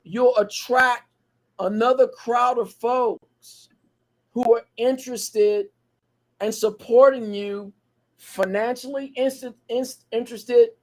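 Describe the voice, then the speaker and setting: High-voiced man preaching motivation. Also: steady tone, takes it slowly. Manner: preachy, repetitive motivational cadence. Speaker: podcast co-host. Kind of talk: motivational podcast talk.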